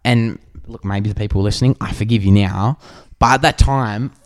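A man's voice: on the low side, moderate pace. A man with an Australian accent co-hosting a podcast, telling stories animatedly with plenty of swearing. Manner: animated storyteller, swears freely. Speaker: podcast co-host. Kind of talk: casual podcast chat.

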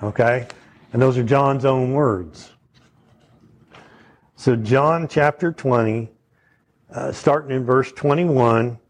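A man's voice: medium pitch, takes it slowly, long pauses. A man preaching a sermon in a conversational teaching manner, often checking in with his listeners. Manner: conversational teaching, asks the audience questions.

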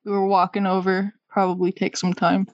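A woman's voice: medium pitch, monotone, brisk, highs cut off. A woman playing in a tabletop game, making casual, offhand remarks. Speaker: player.

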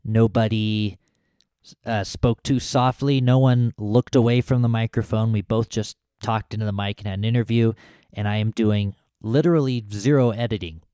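Guy hosting his podcast, mellow low-key tone, dry close mic, rambles a bit. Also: steady tone, moderate pace, clean tone, no echo. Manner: chatty, self-deprecating, with small restarts. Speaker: podcast host. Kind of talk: casual podcast monologue. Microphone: close studio podcast mic.

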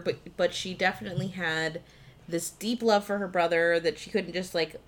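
A woman co-hosting a podcast who talks about films with open enthusiasm. Her chat is casual and peppered with swearing, and she is quick to jump in with corrections. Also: fairly low pitch, steady tone. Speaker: podcast co-host. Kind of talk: casual movie discussion.

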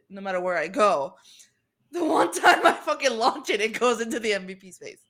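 A woman's voice: fairly high pitch, animated, moderate pace, fairly bright tone. A young woman co-hosting a podcast, telling playful self-deprecating stories in casual chat. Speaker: podcast co-host.

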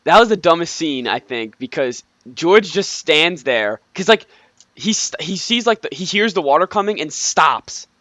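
High-voiced, lively young-sounding man chatting. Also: no room sound. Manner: laughing, sarcastic, quick asides. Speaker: movie review co-host. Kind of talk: casual chat.

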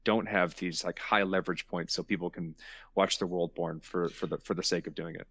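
A man hosting a podcast, talking casually and explaining ideas at length. He stacks up repeated words for emphasis. His voice is on the low side, and it sounds dry and close. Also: steady tone, brisk, a bit bright, husky, dry recording. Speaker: podcast host. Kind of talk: casual chat.

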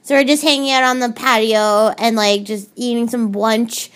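This is a woman co-hosting a podcast in relaxed, casual chat. She speaks a little higher than most women and rambles loosely from one story to the next. She swears without a second thought. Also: moderate pace. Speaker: podcast co-host.

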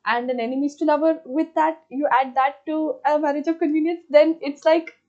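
Young female book vlogger, excitable and gushing, slightly high voice, muffled lo-fi recording. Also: a little fast. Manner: gushing, excitable, many fillers. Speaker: book reviewer. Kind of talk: casual book review vlog. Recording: slightly dull lo-fi audio.

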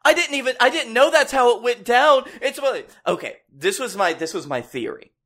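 A man's voice: very high voice, animated, fairly quick, pushed and bright. A man co-hosting a podcast, ranting and joking in casual, profane chat about wrestling. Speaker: podcast co-host.

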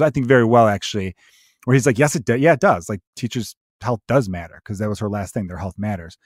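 A man's voice: medium pitch, no room sound, clean studio sound. A man hosting a solo podcast, ranting in a casual, profane, exasperated way. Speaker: podcast host.

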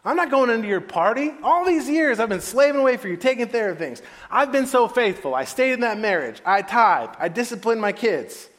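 A preacher acting out a resentful older brother. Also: male voice, a little high, big pitch swings, measured pace, pauses often, in a large hall. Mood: indignant. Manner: indignant, whiny ranting. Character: resentful dutiful older brother, young man.

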